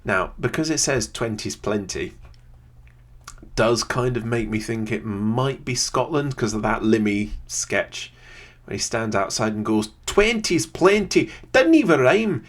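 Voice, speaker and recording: Chatty, slightly low-voiced man. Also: a bit bright. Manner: thinks aloud, chatty, many "um"s. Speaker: video creator playing a geography game. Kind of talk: casual gameplay commentary. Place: quiet home room with a computer under the desk.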